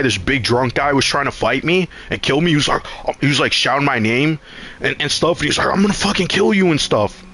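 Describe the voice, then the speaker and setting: A man's voice: medium pitch, pushed and bright. Rambling profane male streamer. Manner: rambling, profane, acts out quotes in a raised voice. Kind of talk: casual storytelling while gaming.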